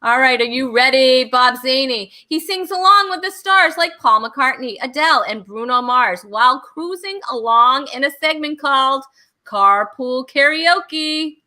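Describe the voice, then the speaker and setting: Her voice is high, bright and sharp, with lively intonation and a measured pace. She's the bubbly host of a casual web talk show, leading a trivia game amid frequent laughter.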